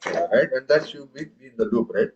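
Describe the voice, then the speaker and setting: A man's voice: mid-range voice, lively intonation, moderate pace, dull audio, crowd noise. A man teaching a tabla class. He talks patiently, often checking with "okay" and "right?", and chants rhythm syllables aloud for the students. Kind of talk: classroom music lesson. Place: room with students.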